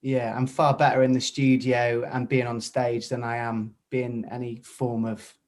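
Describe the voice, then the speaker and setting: An upbeat Welsh man chats freely as a podcast guest. His voice sits at an ordinary middle pitch, and he greets his hosts loudly and cheerfully before easing into relaxed stories. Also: measured pace. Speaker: podcast guest, singer and radio presenter. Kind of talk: casual interview chat.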